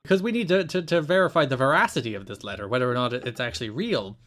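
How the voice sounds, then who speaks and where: A man's voice: medium pitch, very fast, fairly bright tone. A man co-hosting a podcast, explaining at length in a casual, opinionated way with frequent restarts. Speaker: podcast co-host.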